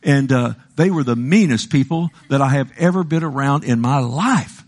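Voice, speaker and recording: An older man preaching a sermon, repeating phrases and swinging between hushed, slow passages and loud, emphatic ones. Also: medium pitch.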